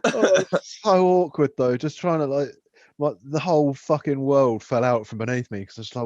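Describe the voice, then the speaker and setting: Sweary animated male storyteller. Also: medium pitch, normal speed, dry recording, highs cut off. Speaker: podcast co-host. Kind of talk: casual chat.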